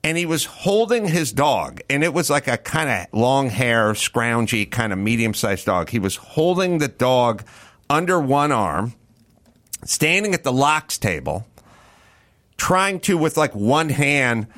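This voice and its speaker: A middle-aged man hosting a casual chat, telling a story with lots of swearing and loud bursts when he acts out his own lines. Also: medium pitch, unhurried. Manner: animated, profane, yells in retold lines. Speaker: podcast host.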